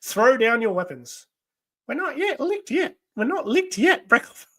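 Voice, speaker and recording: A man voicing a haughty female villain spy in a high falsetto while reading a comic aloud. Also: big pitch swings, unhurried, pushed and bright, heavily acted. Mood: defiant.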